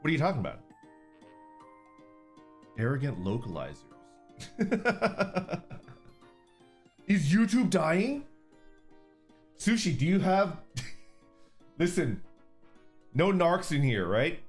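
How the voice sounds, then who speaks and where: A man chatting with his viewers in a relaxed, easygoing way, cursing freely and laughing often. His pitch swings around a lot as he talks, and soft music plays faintly behind him. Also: slow, long pauses. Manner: laid-back, profane, laughs often. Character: orc persona streamer. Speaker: streamer. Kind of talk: casual chat reading super chats.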